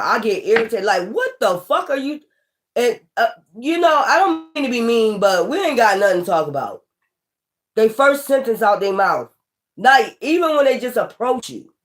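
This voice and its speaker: A woman's voice: on the high side, a little hiss or hum. A woman tarot reader in a casual, scornful rant, blunt and profane, hammering her points home by repeating them. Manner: repetitive, emphatic.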